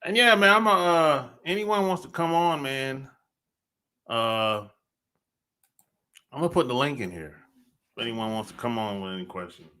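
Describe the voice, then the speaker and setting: A man's voice: medium pitch, lively intonation, normal speed, pauses often, sharp tone, clear, resonant tone. A man hosting a podcast livestream, talking in a laid-back, slangy way and laughing often. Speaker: podcast host. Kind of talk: casual livestream chat.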